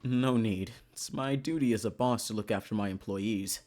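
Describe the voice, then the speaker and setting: A game streamer voicing a composed, soft-spoken male boss from a visual novel, dropping to a lower, quieter, measured delivery. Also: soft background music, close to an everyday voice. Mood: calm. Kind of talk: visual novel dialogue read aloud by a streamer.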